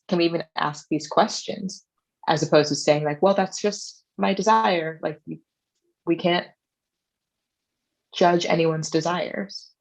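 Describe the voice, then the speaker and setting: A woman's voice: low voice, slightly rough, rough recording. A woman author speaking as a guest in a casual discussion on a video call, probing her subject with a string of questions. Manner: probing, poses rhetorical questions.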